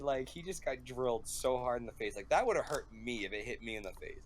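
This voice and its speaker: A young man telling a rambling story in casual chat, full of fillers and animated quotes. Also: medium pitch, fairly quick, few pauses. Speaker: podcast host. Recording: faint background noise.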